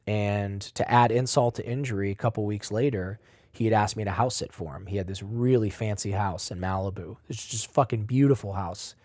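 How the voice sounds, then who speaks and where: A man as a podcast guest, telling a personal story with blunt, profane language and big swings in loudness. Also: fairly low pitch, moderate pace, dry recording. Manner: animated, swings between loud and quiet.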